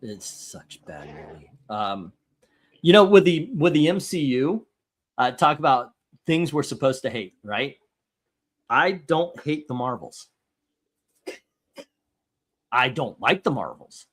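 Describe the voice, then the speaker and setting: A man's voice: mid-range voice, fairly bright tone. Rambling, cursing male host. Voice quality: rambling, profane, with restarts. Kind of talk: casual chat.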